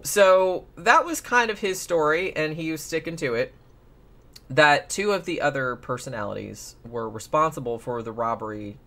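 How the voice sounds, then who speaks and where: Give me a man hosting a casual podcast, chatty and rambling, with a bright tone. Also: fairly high pitch, lively intonation, moderate pace, vocal fry. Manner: rambling, lots of "like" and restarts. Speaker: podcast host. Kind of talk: casual true-crime podcast chat.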